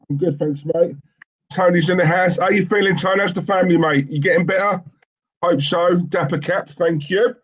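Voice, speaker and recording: A man banters on a fan live stream, his voice sitting fairly high. He reads viewer comments and jokes around in slangy talk. The audio is dull and lo-fi. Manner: chatty, laughs often, slangy banter. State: has a headache. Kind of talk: casual fan chat reading live comments.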